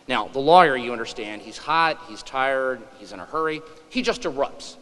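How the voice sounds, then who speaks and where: A man's voice: mid-range voice, moderate pace, hardly any pauses. Middle-aged male conference speaker, joking and emphatic, in a reverberant hall. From western Kansas, USA. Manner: animated, joking, emphatic asides. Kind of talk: humorous storytelling speech. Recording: echoey hall.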